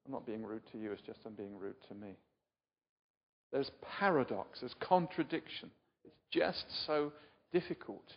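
An older man from England giving a chatty, informal sermon, often asking his listeners questions and poking fun at himself. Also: a little high. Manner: chatty, self-deprecating, asks the audience questions. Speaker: preacher. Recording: muffled sound in a reverberant hall.

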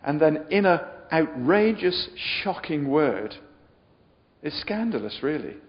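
A man delivers a sermon in a conversational, humorous manner, tossing questions to the crowd. His voice sits a little high, and the long reverb of a big hall trails behind each phrase. The recording itself is dull and lo-fi. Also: big pitch swings, slow. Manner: chatty, jokey, asks the audience questions. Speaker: preacher.

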